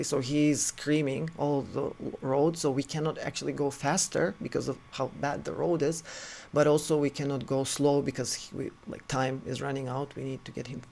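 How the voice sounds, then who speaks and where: A man telling a personal story in an earnest, halting way, often restarting his sentences. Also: mid-range voice, creaky, darkish tone. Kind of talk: personal story told to camera.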